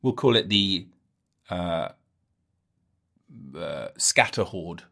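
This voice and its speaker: This solo comedy podcast host has a low-pitched, expressive voice with vocal fry and a bright, forceful tone, and he talks very slowly. He rambles and jokes, breaking off mid-thought and cracking up at his own humor.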